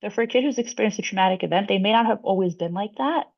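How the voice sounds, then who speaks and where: A woman psychologist presenting a webinar, explaining clearly and acting out short example lines. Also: mid-range voice, rapid-fire. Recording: dull lo-fi webinar audio.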